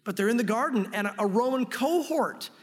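A man preaching a sermon with earnest excitement, teaching from the Bible and reading scripture aloud. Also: very high voice, moderate pace, slightly rough, in a large hall. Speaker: pastor.

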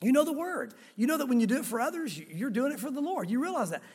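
A man with a strikingly high voice preaches a sermon, earnest and direct, often turning to his listeners with questions. His words trail off into the long reverb of a large hall. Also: sing-song, fast, a little mellow, slightly rough. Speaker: pastor.

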